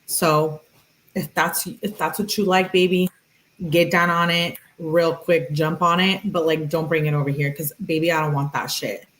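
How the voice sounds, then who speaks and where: A woman's voice: sits low, steady tone, moderate pace, fairly bright tone. Woman, casual true-crime commentary, chatty, blunt, salty language. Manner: chatty, blunt, swears and slips in Spanish words. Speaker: true-crime video host. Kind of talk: casual commentary reading out text messages.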